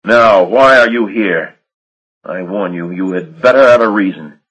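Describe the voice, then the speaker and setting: A man voicing a pale, formal, coldly menacing gentleman who speaks in clipped, controlled commands. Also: on the low side, a little slow, husky, highs cut off. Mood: cold commanding.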